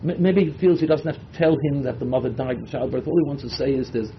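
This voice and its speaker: A man's voice: mid-range voice, quick pace, slight background noise. A man teaching a Bible class who mixes Hebrew and Yiddish words into his English and dramatizes the text with feeling. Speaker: Torah teacher. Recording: dull lo-fi lecture recording.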